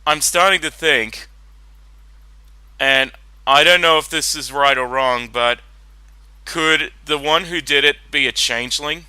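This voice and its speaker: A man's voice: fairly high pitch, sharp tone, clear, resonant tone, dry recording, poor audio. A man giving casual commentary while watching a cartoon, rambling and hesitant, often correcting himself. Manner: rambling, hesitant, self-interrupting. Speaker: reaction video host.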